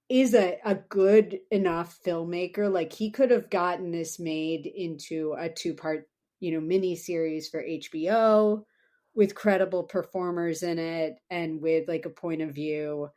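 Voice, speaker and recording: A woman's voice: lowish voice, a little mellow. A woman co-hosting a film podcast, chatting casually with wry, gossipy asides. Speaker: podcast co-host. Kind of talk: casual film-talk chat.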